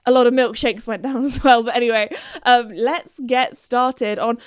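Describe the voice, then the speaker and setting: A woman's voice: on the high side, a little slow, smooth, no echo, clean studio sound. Chatty young woman podcaster. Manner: chatty, rambling, with fillers. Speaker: podcast host. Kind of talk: casual chat.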